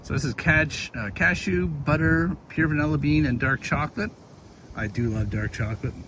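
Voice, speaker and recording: A man's voice: fairly high pitch, moderate pace, fairly bright tone, slight background noise. A middle-aged man chatting casually to viewers as he hikes a muddy trail, a little out of breath. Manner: chatty, easygoing, talks to viewers while hiking. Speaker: vlogger. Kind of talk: casual walking vlog. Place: muddy forest trail outdoors, windy.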